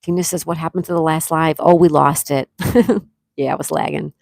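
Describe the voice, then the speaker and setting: A woman hosting a live stream, reading chat comments and excitedly thanking viewers, with frequent gasps. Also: low voice, moderate pace, gravelly, no echo, clean studio sound. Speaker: livestream host.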